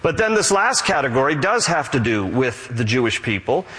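A male pastor preaching an animated sermon and reading scripture aloud. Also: medium pitch, normal speed, long reverb tail.

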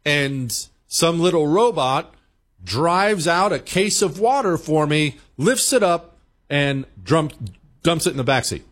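A man hosting a talk show, telling stories in an animated way, with emphatic, repetitive phrasing and playful beeping sound effects. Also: on the high side, takes it slowly. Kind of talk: radio talk monologue.

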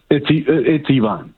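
A man from Mexico calling in to a radio contest, calm and plain. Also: mid-range voice, husky. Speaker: caller. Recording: tinny phone line.

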